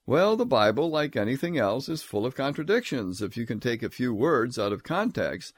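A man giving a scripture lecture, emphatic, reading verses aloud in a measured, solemn tone. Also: mid-range voice, sing-song, breathy edge, dry recording. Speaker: Bible teacher.

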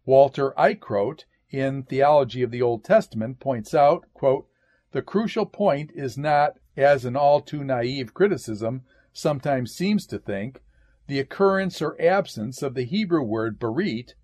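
Measured male lecturer reading scripture. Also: medium pitch, expressive, a little mellow. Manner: measured, reads quotations aloud, says "quote" and "end quote".

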